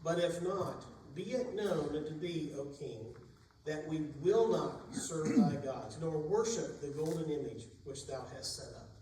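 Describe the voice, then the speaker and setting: A man's voice: fairly high pitch, lively intonation, a little slow, dark tone, slight background noise. A man preaching a sermon in a church, retelling Bible stories in plain everyday speech. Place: church sanctuary. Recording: echoey room, distant mic.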